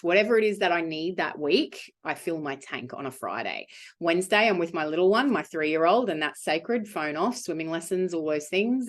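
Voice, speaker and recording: A woman, a business owner answering interview questions in a frank, emphatic, upbeat way. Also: sits low.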